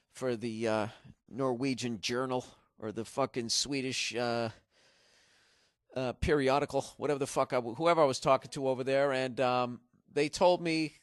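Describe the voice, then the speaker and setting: A man's voice: mid-range voice, fairly bright tone, no echo, clean studio sound. A man from Massachusetts hosting a solo podcast, rambling in a profane, sarcastic way. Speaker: podcast host.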